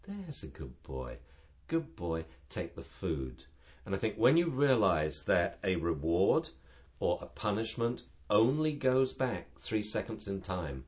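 A man who trains dogs, chatting on a talk show and acting out dogs and owners in funny voices. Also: lowish voice. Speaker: dog trainer and show guest expert. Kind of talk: casual radio chat.

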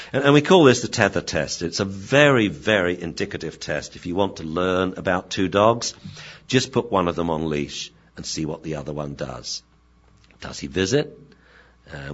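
A man who studies dog behavior, explaining it in a lively, storytelling way. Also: low-pitched. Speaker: dog behavior expert, lecturer. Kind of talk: explanatory talk. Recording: dull lo-fi recording.

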